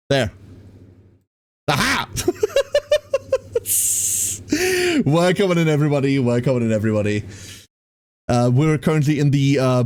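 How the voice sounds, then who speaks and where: A man from Germany, a streamer chatting casually with his live audience, animated and giggly as he greets viewers by name. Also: medium pitch.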